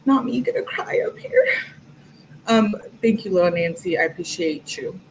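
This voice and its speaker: Woman rambling on a livestream, reading texts out loud and chatting to viewers, faint noise behind her. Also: fairly low pitch, animated, moderate pace, rough recording. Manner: chatty and rambling, thanking viewers as she goes. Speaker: livestream host. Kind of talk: casual livestream commentary reading text messages.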